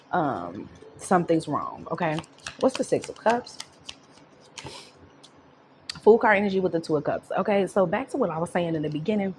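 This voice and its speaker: A woman's voice: lowish voice, darkish tone, slight background noise. A young woman giving a casual tarot reading. She swears freely and laughs often. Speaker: tarot reader.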